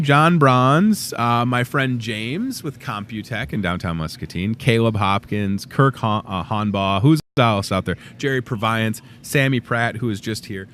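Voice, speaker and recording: Male host, casual deal rundown, self-mocking jokes, bright forceful tone. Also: mid-range voice, slight background noise. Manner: goofy and chatty, jokes at himself. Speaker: host of a store talk show. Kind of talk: casual talk-show ad rundown.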